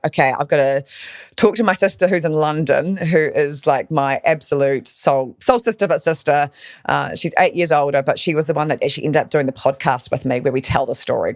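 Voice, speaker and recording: A woman, a podcast guest, tells a personal story with animated, emotional energy. Her voice is dry and close to the mic. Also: low voice, no echo. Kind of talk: storytelling in interview.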